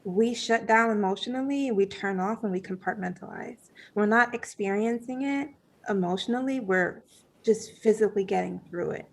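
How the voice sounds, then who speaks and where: A woman guest on a podcast telling a personal story in a casual, animated way, full of fillers and acted-out thoughts. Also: mid-range voice, normal speed, vocal fry. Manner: animated, many fillers, acts out her own past thoughts.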